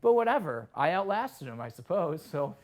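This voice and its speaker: A man, a sports reporter and podcast guest, telling a story in a casual, animated way and acting out the lines of the people in it. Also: a little high, moderate pace. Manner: animated, acts out quoted lines.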